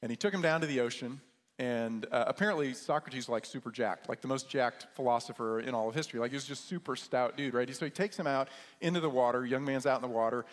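A man's voice: medium pitch, quick pace. A man preaching a sermon as a pastor, repeating key words and asking the listeners questions. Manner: repetitive, rhetorical questions. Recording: echoey hall with long reverb.

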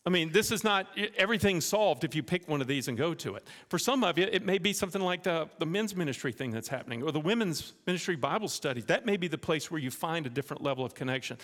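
Male pastor, sermon, fairly high voice, lively storytelling, long church reverb. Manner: animated storytelling, direct appeals. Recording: echoey church hall.

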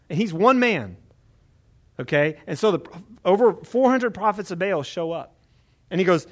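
Speaking briskly in a high voice, this man preaches a Bible teaching sermon. He keeps things conversational and lively, often pausing to check in with the audience.

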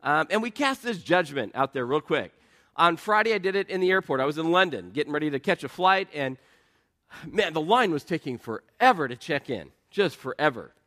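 Higher-pitched male pastor telling stories. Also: a little fast. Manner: conversational storytelling with self-deprecating humor; lively, rising when telling anecdotes. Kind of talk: sermon.

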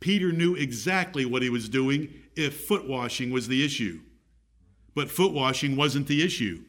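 A man's voice: medium pitch, animated, moderate pace, fairly bright tone. A man preaching a sermon, rising emphatically on key points.

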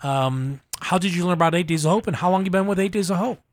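A man hosting a radio talk show, jokey and lively, who often stammers and restarts. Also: high-pitched, quick pace, no room sound, studio quality. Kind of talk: casual radio chat.

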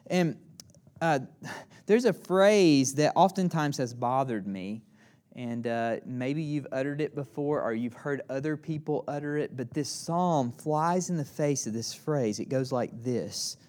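A male pastor preaching a sermon with earnest, emphatic phrasing, slowing down on key lines and dropping to a hushed voice for asides. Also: fairly high pitch.

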